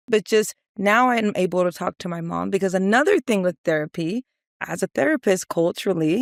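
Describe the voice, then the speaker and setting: Woman therapist, conversational guest. Lively storytelling, mid-pitched, dry close mic. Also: fairly quick, dry recording. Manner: lively storyteller, acts out family dialogue with laughs. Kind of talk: casual podcast discussion.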